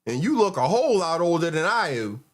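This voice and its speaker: A man's voice: on the high side, big pitch swings, brisk. A man in casual panel chat, arguing and repeating his questions.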